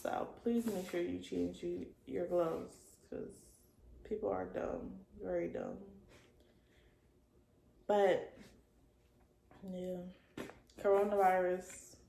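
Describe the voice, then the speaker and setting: A young woman around twenty tells a casual storytime to her camera, her voice carrying a gravelly fry. She talks loosely, with plenty of "like," and sometimes trails off soft. The room sounds echoey, with a faint hum of ambience behind her. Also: fairly low pitch, steady tone, slow, long pauses. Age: young adult. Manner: casual slangy talk with many likes, drifting soft at times. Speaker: vlogger.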